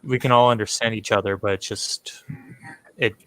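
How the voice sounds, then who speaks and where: A man with a Midwestern American accent, co-hosting a casual podcast chat and explaining his points in measured lists. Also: on the low side, fairly even intonation, bright, forceful tone.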